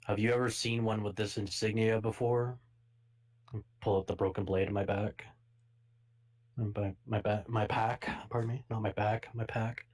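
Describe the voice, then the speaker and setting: Guy in a d&d game, low monotone voice, kinda hesitant, lotta uhs. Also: moderate pace. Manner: hesitant, polite with many "uh"s. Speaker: player. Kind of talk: in-character tabletop play.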